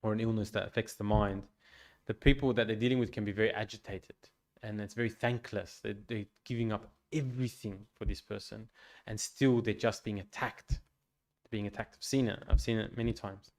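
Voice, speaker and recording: A man, a priest, giving an informal pastoral talk to a youth group in a gentle, reflective way, with frequent restarts and fillers. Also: lowish voice, steady tone, fairly quick. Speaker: priest leading a youth meeting. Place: church hall.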